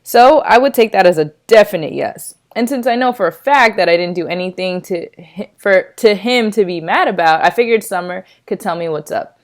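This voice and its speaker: A woman reading a novel aloud, with expressive first-person narration. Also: medium pitch, moderate pace, hardly any pauses. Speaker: reader.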